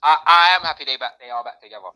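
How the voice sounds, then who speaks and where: Woman, fast, bright tone, slangy casual chat. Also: low voice, clear, resonant tone. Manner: slangy, animated, repeats words. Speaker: podcast co-host.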